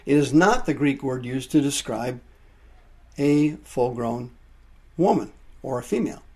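A man preaching a sermon, explaining Greek words from the Bible with drawn-out emphasis. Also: medium pitch, lively intonation, a little mellow, husky.

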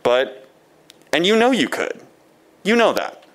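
A man's voice: sits high, sing-song, a little slow, a bit bright. A man giving a scathing, sarcastic public comment at a city council meeting.

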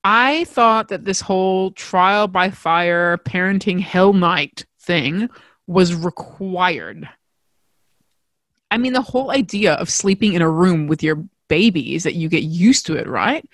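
A woman telling a personal story as a mother in a frank, expressive, self-mocking way, swearing casually. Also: medium pitch, moderate pace, no room sound.

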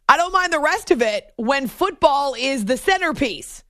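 A woman hosts a sports radio show, chatting wryly and laughing often as she talks sports. Her high-pitched voice is expressive and fairly bright, delivered at normal speed in a dry, studio-quality recording.

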